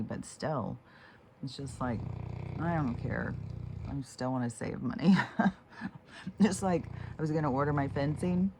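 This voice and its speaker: A woman's voice: a bass voice, moderate pace, noisy background. A woman talking to camera in a meandering, frank monologue, swearing freely and often restarting her sentences. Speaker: vlogger. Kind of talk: rambling casual monologue.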